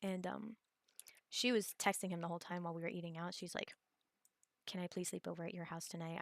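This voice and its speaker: Young woman, lilt, low gravelly voice, dry close recording, chatty storytime vlogger. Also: flat delivery, fast, dry recording. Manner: rambling, many fillers and restarts. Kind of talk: casual storytime vlog.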